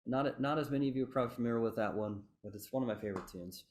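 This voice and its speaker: A man's voice: mid-range voice, very fast, darkish tone. A man teaching fife rhythms in an online workshop, chanting rhythm syllables and encouraging his students over a video call. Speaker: fife instructor. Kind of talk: online music workshop lesson.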